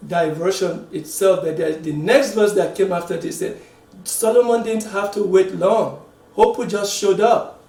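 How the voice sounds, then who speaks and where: A man giving a sermon, halting and repeating words, dropping to a quiet voice to stress a point. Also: sits high. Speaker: preacher. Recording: echoey room, mic at a distance.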